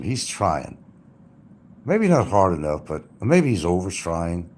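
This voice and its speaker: A man's voice: sits low, big pitch swings, unhurried, darkish tone, slightly rough. An older man hosting a livestream, rambling and mocking with crude, casual talk. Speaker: livestream host.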